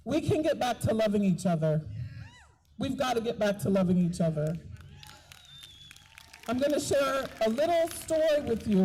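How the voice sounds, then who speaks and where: At an outdoor rally in a park, a woman who works as a doula delivers an impassioned, earnest protest speech, repeating key phrases for emphasis. Her fairly high voice is warm and slightly rough, and the recording is low quality.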